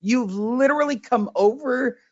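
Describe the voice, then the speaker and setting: A man in his thirties hosting a podcast in casual chat, excitable and theatrical, swearing and laughing often, on a dull, lo-fi recording. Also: extremely high pitch, a little slow. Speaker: podcast host. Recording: dull, lo-fi sound.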